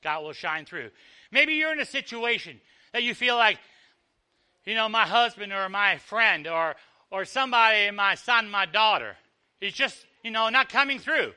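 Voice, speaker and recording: A male preacher delivers a storytelling sermon. His voice sits high for a man and sounds very bright and ringing. He acts out the dialogue and often drops low and soft to drive a point home. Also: smooth.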